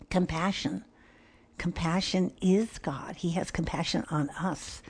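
A woman's voice: on the low side, a little mellow. Earnest older woman giving a devotional talk. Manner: earnest, reflective, drops to a near whisper on key words. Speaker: Christian speaker.

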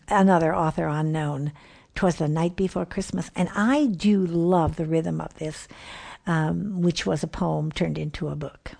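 A woman giving a gentle devotional reading, soft and earnest, at times slipping into a whisper. Her voice is low-ish with a gravelly fry, and she speaks very slowly and deliberately. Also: fairly even intonation. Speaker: host of a homemaking ministry.

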